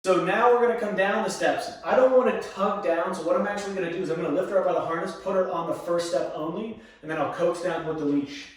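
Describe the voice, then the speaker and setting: A man working as a dog trainer, explaining his methods in a casual instructional way and coaxing the dog with high, sing-song praise. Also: quick pace, few pauses. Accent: Western Pennsylvania. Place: outdoors on walks, then indoors in a stairwell. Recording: echoey, distant camera audio.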